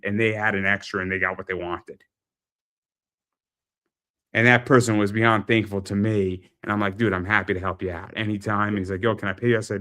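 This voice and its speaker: A man's voice: lowish voice, a bit bright. A man hosting a pop culture interview show, chatting casually and plugging his store with lots of repetition. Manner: chatty, repeats phrases, salesy plugs. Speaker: podcast host and eBay seller. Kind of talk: casual talk-show chat.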